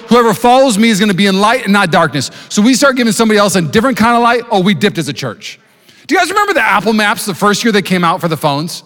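Pastor in his thirties, male, slightly high voice, fast and playful delivery, long church-hall reverb. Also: fairly bright tone. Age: 30s. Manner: fast-talking, jokey, self-deprecating asides. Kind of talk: sermon. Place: church auditorium with live congregation.

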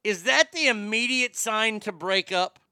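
High-voiced rambling comedy host, man. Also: measured pace, pushed and bright, clear, resonant tone, no room sound, studio quality. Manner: rambling, stammering repeats, crude jokes. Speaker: podcast host. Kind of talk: comedic podcast banter.

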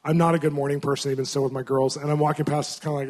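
A man, a Christian minister, telling stories in a sermon in an animated, conversational way. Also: mid-range voice, fast talker. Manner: animated, conversational storytelling with frequent laughs. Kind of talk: storytelling sermon.

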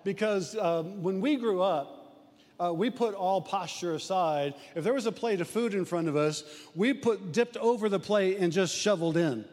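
An older man with a high voice preaches to his church, folksy and storytelling, stumbling over repeated words. His voice rings out with a long reverb, as in a big hall. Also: moderate pace, darkish tone. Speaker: pastor. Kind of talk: sermon.

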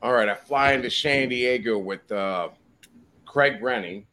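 A man's voice: medium pitch, measured pace, background noise. A man guest on a casual podcast, telling profane, rowdy anecdotes and acting out the quotes. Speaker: podcast guest, reptile breeder. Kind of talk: casual storytelling chat.

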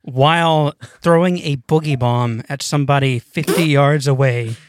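Young male co-host, slightly high voice, hesitant teasing, dry close mic. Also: moderate pace, dry recording. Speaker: podcast co-host reading questions. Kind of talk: casual banter among friends.

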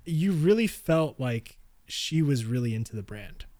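A man's voice: mid-range voice, very animated, a little slow, darkish tone, no room sound. Laid back guy telling stories, laughs a lot, mid voice, dry close sound. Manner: easygoing storyteller, laughs often. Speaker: podcast co-host. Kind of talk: casual chat.

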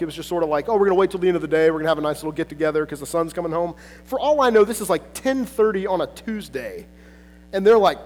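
A man's voice: sits high, in a large hall. A man preaching a conversational sermon in a casual, chatty way, full of asides and filler words. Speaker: pastor.

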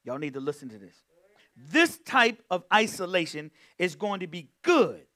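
A male pastor preaches with a high, ringing voice that leaps all over the scale. He is fervent, bursting into exclamations and hums between points, and keeps calling on his listeners to respond. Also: sing-song, normal speed, pushed and bright. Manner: calls on the congregation to respond. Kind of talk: sermon.

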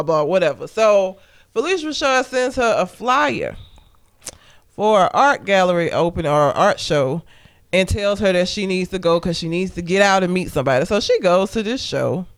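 A woman's voice: on the low side, smooth. A woman co-hosting a casual podcast, recapping a movie plot in a blunt, profane, joking way. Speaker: podcast co-host.

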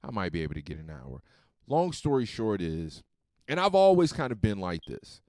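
Animated, profane man telling a story. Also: fairly low pitch, normal speed, no room sound, studio quality. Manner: animated, profane, swings loud and soft. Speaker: podcast host. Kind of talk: casual storytelling monologue.

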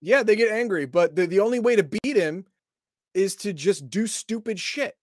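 A man's voice: sits high, animated, moderate pace, no echo. A man co-hosting a casual chat with dry, wisecracking banter. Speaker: co-host.

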